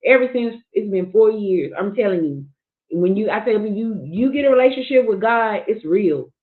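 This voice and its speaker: A woman with an expressive, mid-range voice talks at a moderate pace as a livestream guest, sharing her grief openly. Her casual, earnest remarks are full of restarted sentences, heard through a tinny, phone-quality line.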